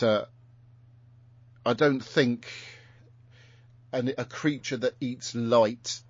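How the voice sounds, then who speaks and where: A male podcast host with a low-ish voice and darkish tone rambles through a casual recap of an episode, full of fillers and restarts. The recording is dry, muffled and lo-fi.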